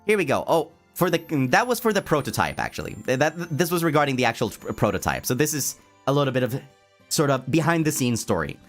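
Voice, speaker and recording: A man chatting casually on a livestream, playful and animated, reading chat aloud and answering it, laughing often and tripping over words when excited. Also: medium pitch, fast, faint music behind. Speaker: streamer.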